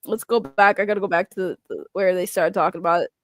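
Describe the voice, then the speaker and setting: A woman's voice: lowish voice, quick pace, no room sound, studio quality. A young woman host rambling through casual reaction commentary, chatty and swearing freely.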